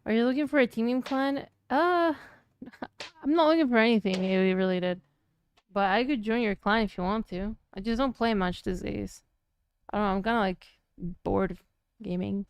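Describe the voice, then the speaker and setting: Woman with Latin American Spanish accent, teasing stream chat, smooth clear voice, dry close sound. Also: medium pitch, normal speed, no echo. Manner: playful, teasing, chatty. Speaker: streamer's partner answering chat.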